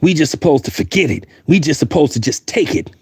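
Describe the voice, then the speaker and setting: A man's voice: fairly high pitch, sing-song, a little fast, breathy edge, dry recording, clean studio sound. Heated blunt male commentator. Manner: heated, blunt, repeats himself for emphasis. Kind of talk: opinionated commentary.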